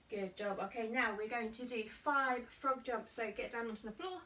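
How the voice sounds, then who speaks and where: A woman's voice: on the high side, normal speed, few pauses, pushed and bright, recorded from a distance, a little hiss or hum. A woman leading young children through a martial arts exercise class, cheerful and coaxing with sing-song cues. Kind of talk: kids' exercise class led to camera.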